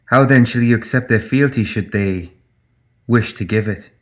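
An earnest, fiercely loyal tree-spirit servant woman, put on by a man in an audiobook. Her voice runs a little higher than the narration, eager and pleading with a hard edge. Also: normal speed, lightly acted.

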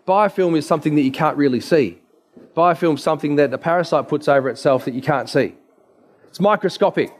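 A man with a slightly raised pitch gives a slide presentation as a naturopath. He tells anecdotes with emphatic delivery and blunt asides. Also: brisk, a little hiss or hum. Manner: emphatic, storytelling.

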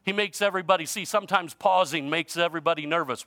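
A male pastor preaching a sermon in a conversational way, using informal grammar, his voice shifting from loud emphasis to quiet. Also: on the high side, fast talker, no echo.

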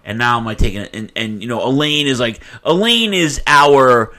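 A man's voice: mid-range voice, animated, moderate pace, bright, forceful tone. A man co-hosting a casual chat, telling a story with plenty of swearing and animation. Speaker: podcast co-host telling a story.

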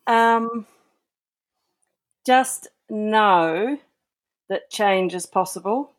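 A woman's voice: mid-range voice, very slow. A woman author, a guest on a podcast, chatting casually and telling stories with enthusiasm. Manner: enthusiastic, animated storytelling. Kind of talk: casual interview chat.

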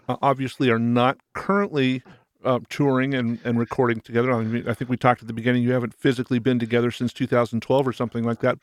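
A man's voice: medium pitch, dry recording, clean studio sound. A man hosting a casual interview, asking questions in a hesitant way with many fillers. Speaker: podcast host.

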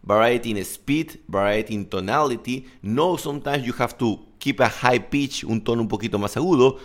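A man's voice: medium pitch, fairly quick, hardly any pauses. A man in his thirties, a native Spanish speaker, coaching in a casual podcast monologue, candid and loose, swearing and slipping into Spanish asides. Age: 30s.

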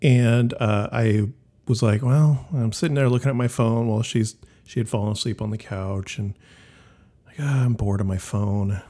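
A man in casual chat, relaxed and hesitant, full of "like" and "uh". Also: medium pitch, moderate pace.

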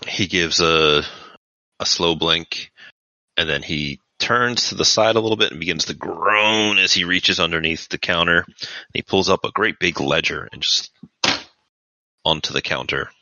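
A man serving as game master, narrating a tabletop game in an unhurried, descriptive way with fillers. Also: low-pitched, sharp tone, no room sound, highs cut off.

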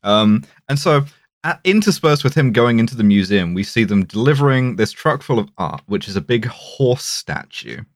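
A man's voice: mid-range voice, sing-song, normal speed, dry recording, clean studio sound. A man co-hosting a casual film podcast, recapping scenes and dropping into playful put-on voices. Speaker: podcast co-host. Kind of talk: casual film-review chat.

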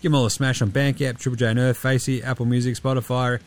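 A man's voice: mid-range voice, little pitch movement, fast talker, faint music behind. A young Australian man hosting a casual sports podcast, laid-back and sweary, his voice tired and giving out. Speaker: podcast host.

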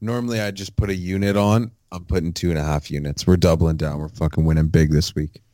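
A male podcast co-host with a very deep voice talks in a laid-back, profane way. The sound is dry and close to the mic, with no room behind him. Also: level tone, quick pace, mellow, no room sound. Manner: profane, laid-back banter with sports betting picks. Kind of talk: casual chat.

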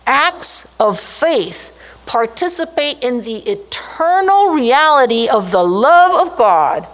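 A woman preaching a sermon, slow and emphatic, lifting her voice sharply on key words. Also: a little high, sing-song.

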